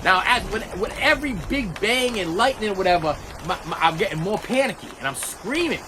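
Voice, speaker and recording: Man, middle-aged, high voice, animated storytelling, repetitive, loud background noise. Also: brisk. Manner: animated, repetitive, acts out scenes. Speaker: vlogger. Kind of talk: storytelling rant.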